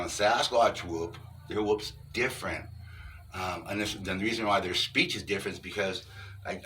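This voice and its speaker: A middle-aged man with a very low voice talks off the cuff to his viewers, earnest and halting as he explains each point step by step. He sits some way back from the microphone, so his voice sounds distant. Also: sharp tone, a little hiss or hum. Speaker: vlogger on Sasquatch encounters. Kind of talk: casual unscripted monologue.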